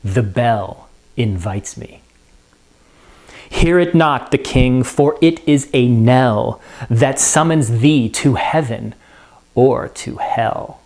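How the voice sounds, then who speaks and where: A man voicing a haunted, guilt-stricken lord, slowly and solemnly reciting old verse. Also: medium pitch, a little mellow.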